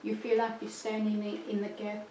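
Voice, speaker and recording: A woman's voice: medium pitch, completely flat delivery, brisk, warm tone, a little hiss or hum. Earnest woman sharing at church group. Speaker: Bible study participant. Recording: echoey room from far off.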